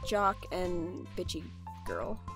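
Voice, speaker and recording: A woman's voice: fairly low pitch, animated, slow pace, over music. Chatty woman talking over a game. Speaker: let's play gamer. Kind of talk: casual gameplay commentary.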